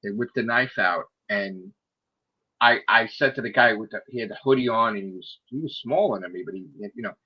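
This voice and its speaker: A man telling a story in casual chat, swearing a lot and acting out the people in it, sometimes shouting. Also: lowish voice, fairly quick, slightly rough, muffled recording. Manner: animated, profane, acts out quoted people in raised shouting voices.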